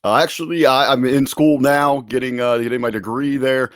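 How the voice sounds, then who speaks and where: A man's voice: medium pitch, steady tone, moderate pace, no room sound, clean studio sound. A young man with a resonant radio voice, asking long, polite questions as a panel questioner.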